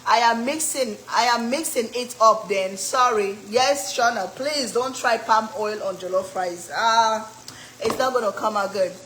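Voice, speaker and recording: A woman's voice: a little high, measured pace, fairly bright tone, a little hiss or hum. A middle-aged woman from Africa, hosting a cooking channel and chatting with viewers by name as she cooks. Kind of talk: casual live cooking chat. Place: home kitchen. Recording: echoey kitchen with sizzling oil.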